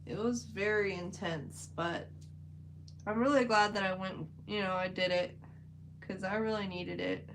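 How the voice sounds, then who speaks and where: A chatty woman with a drawl talks loosely to her stream chat as she paints, filling her sentences with "like." Her voice sits at a middle pitch, and a faint hum runs underneath. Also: steady tone, a little slow, creaky, long pauses, fairly bright tone, poor audio. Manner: chatty, rambling, many "like" fillers. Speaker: livestream host. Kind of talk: casual livestream chat while painting.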